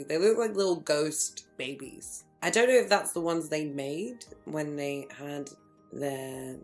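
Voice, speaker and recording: Woman, low-pitched, gossipy and animated TV recapper, faint music bed. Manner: animated, gossipy, quick asides, laughs often. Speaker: reality TV recap vlogger. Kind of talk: casual chat.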